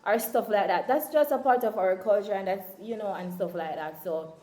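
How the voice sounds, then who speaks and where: A woman's voice: mid-range voice, moderate pace, darkish tone, roomy sound. A young Jamaican woman talking casually to her viewers in a vlog, chatty and full of fillers. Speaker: vlogger.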